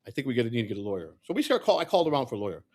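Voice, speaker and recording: A man's voice: mid-range voice, very animated, very fast, darkish tone. A middle-aged man telling personal stories in a candid, rambling way, acting out the voices of people he quotes. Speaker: political candidate. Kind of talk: casual storytelling monologue.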